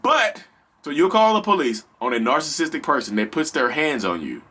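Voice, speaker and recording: Bright-voiced man giving casual advice. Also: on the high side, a little fast. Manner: animated, slangy, rambling, talks straight to viewers. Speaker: vlog host.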